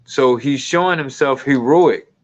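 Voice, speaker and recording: A man's voice: medium pitch, measured pace. A man giving a loose, digressive commentary, laughing now and then as he talks. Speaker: video commentator. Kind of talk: casual rambling commentary. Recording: dull lo-fi sound.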